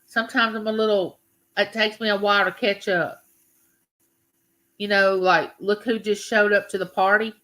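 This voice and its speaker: A woman's voice: mid-range voice, steady tone, normal speed, long pauses, a bit bright. A woman hosting a casual live stream, chatting and greeting her viewers by name. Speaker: livestream host.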